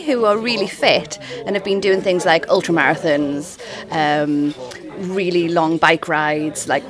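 A woman from a yoga studio, answering interview questions in a friendly way with fillers. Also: fairly low pitch. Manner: friendly, explains at length with fillers. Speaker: yoga studio owner, podcast guest.

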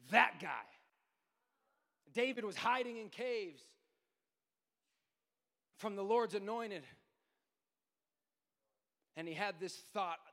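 Brief: male preacher, sermon in a church hall, long reverb, rises from soft retelling to sing-song shouting. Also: high-pitched, vocal fry. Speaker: pastor. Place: church sanctuary.

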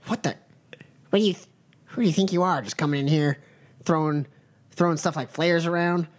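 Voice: medium pitch, fairly quick, close to an everyday voice. A game master voicing a brusque tavern barmaid who keeps pushing drinks in a tabletop game role-play. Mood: suspicious. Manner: pushy, keeps offering drinks.

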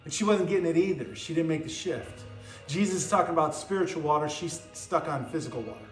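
A man preaching a sermon, teaching verse by verse with emphatic rises and low, quiet drops. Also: quick pace, roomy sound, faint music behind.

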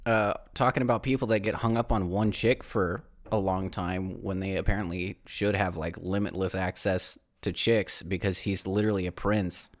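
A man's voice: low-pitched, steady tone, moderate pace, hardly any pauses. A man co-hosting a casual chat podcast, wry and joking in his banter. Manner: wry, joking, puts on silly accents. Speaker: podcast co-host.

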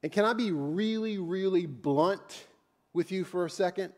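A man's voice: high-pitched, unhurried, a little mellow. A man preaching as a pastor in a church, conversational and joking, with blunt asides to the congregation. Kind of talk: sermon.

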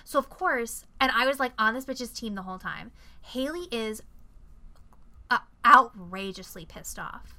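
A woman's voice: fairly high pitch, measured pace. A young woman co-hosting a podcast, retelling a horror movie in casual, profane chat and acting out the characters' lines. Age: young adult. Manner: profane, animated retelling with acted-out quotes. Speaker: podcast co-host. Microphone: video call.

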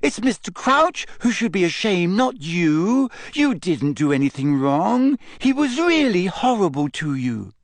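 A man's voice: high voice, sing-song, measured pace, few pauses, no room sound, voice pushed up, heavily acted. A man doing an earnest schoolgirl witch. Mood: pleading. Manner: earnest, pleading. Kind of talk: reading a novel aloud with voices.

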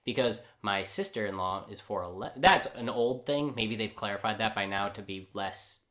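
A man co-hosting a podcast in casual chat, retelling a comic book's scenes with animated asides and acted-out lines. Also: fairly low pitch, normal speed. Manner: animated storyteller who acts out characters' lines. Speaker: podcast co-host.

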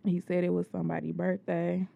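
A woman's voice: fairly low pitch, level tone, fairly quick, creaky, phone-quality sound. A woman co-hosting a podcast in casual chat, laid-back, giving brief answers and chuckling. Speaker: podcast co-host.

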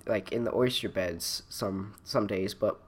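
A man's voice: fairly low pitch, unhurried. A young man telling stories in a casual chat, rambling and laughing, with many fillers and restarts. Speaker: storyteller.

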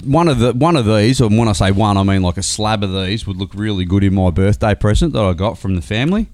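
A man's voice: lowish voice, animated, quick pace, a little mellow, no room sound. A man hosting a casual podcast chat, rambling and laid-back with many restarts. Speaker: podcast host.

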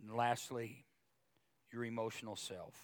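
A male pastor preaching a sermon, talking conversationally with asides and repeated words, then rising in pitch and volume as he gets emotional. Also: steady tone, unhurried, no echo. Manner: emotional, grows louder and higher when preaching.

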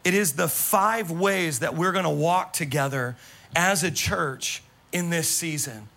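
A male pastor delivers his sermon with an animated, exclamatory storytelling style. His voice is bright and forceful and sits a little high, with a gravelly edge of vocal fry running through it. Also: unhurried. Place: church service.

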